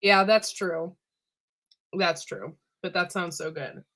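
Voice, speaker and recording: Chatty bright-voiced woman co-host. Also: fairly low pitch, slow. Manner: chatty, laughs often, says "like" and "dude"; chewing while talking. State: recovering from illness. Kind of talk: casual live-stream chat.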